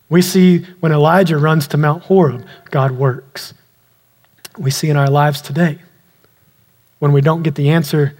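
A man preaching a sermon, earnest, slowing down and dropping quiet to stress key words. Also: a little high. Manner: earnest, slows down and drops quiet for emphasis. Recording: long reverb of a large hall.

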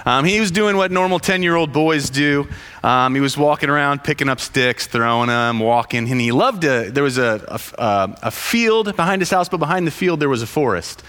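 A man telling a parable in casual storytelling, halting with frequent fillers and restarts. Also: on the high side, expressive, a bit bright, clean tone. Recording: long hall reverb.

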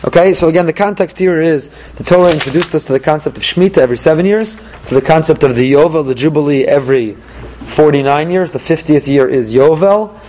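A man, a rabbi, giving an emphatic Torah class with rhetorical questions and animated delivery. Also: fairly high pitch, fast, slight background noise, poor audio.

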